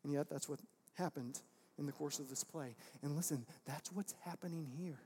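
Pastor guy in his 30s preaching, kinda high voice, goes soft then gets loud and fired up. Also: normal speed, slight background noise. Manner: swings between quiet intimacy and loud emphatic outbursts. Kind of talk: sermon.

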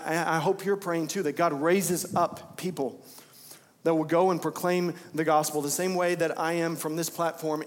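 A young man preaching from the platform with fervent conviction, driving his points home by repeating them. His voice sits a little high for a man. It rings out with the long, lingering reverb of a church sanctuary. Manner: impassioned, repeating phrases for emphasis. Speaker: pastor. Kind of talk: sermon.

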